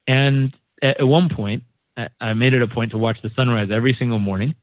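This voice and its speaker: Speaking a little fast in a mid-range voice, this San Diego man shares a casual story as a guest on a podcast, animatedly performing the voices of the people involved. There's no echo, and the recording has a dry, narrow, phone-like sound.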